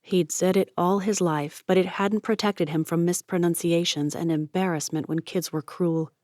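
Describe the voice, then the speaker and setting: A woman narrates a novel in a steady, expressive way, with a voice on the lower side. The sound is close and dry, with no room around it. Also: moderate pace, no echo. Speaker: audiobook narrator. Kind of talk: audiobook narration.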